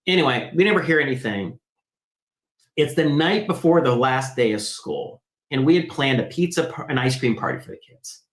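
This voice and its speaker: A man as an interview guest, telling a story in a lively conversational way and acting out quoted voices. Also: medium pitch, moderate pace, roomy sound, low-quality recording. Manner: animated, acts out quoted voices. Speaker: guest, math program founder.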